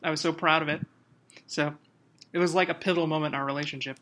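Bright-voiced joking male podcast host. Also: on the high side, fairly even intonation, fast, slight background noise. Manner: laughing, joking, loose plugs. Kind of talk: casual podcast chat.

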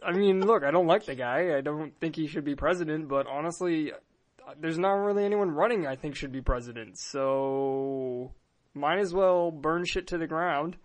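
A man's voice: on the high side, moderate pace. Sarcastic, rambling podcast host, a man. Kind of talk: casual comedic podcast chat.

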